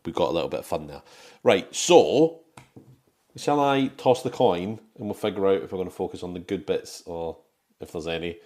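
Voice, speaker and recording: Playful man with a lively, mellow voice. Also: low-pitched, moderate pace. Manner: jokey, laughs often, teasing. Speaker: podcast co-host. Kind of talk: casual chat.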